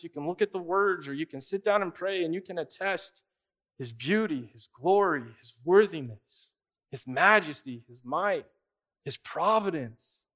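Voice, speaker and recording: Guy preaching, chatty and emphatic, acts out little voices, a bit high pitched. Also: fairly bright tone. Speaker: pastor. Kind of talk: sermon.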